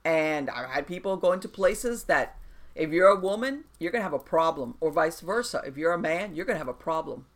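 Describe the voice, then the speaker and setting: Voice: medium pitch, expressive, brisk. A podcast host who explains hauntings in an emphatic way, with many restarts and asides. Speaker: podcast host and paranormal expert. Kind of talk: casual podcast conversation.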